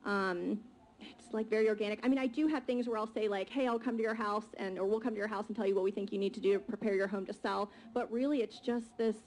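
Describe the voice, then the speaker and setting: A woman's voice: medium pitch, steady tone, quick pace, a little mellow, a little hiss or hum, rough recording. A woman from Maryland, a real estate agent, talking in a chatty, free-flowing way with many fillers. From Maryland, USA. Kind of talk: casual panel talk.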